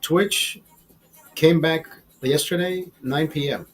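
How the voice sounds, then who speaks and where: A husky-voiced man rambles casually to his livestream viewers, swearing freely as he goes. His pitch sits at an ordinary middle level, and faint music plays behind him. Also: slow, low-quality recording. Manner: profane, rambling, chatty. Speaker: livestream host.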